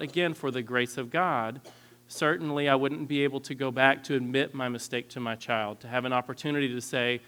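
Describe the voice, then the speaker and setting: A man in his thirties giving a candid, earnest lecture on parenting styles, often clearing his throat. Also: a little high, bright, forceful tone. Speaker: parenting instructor.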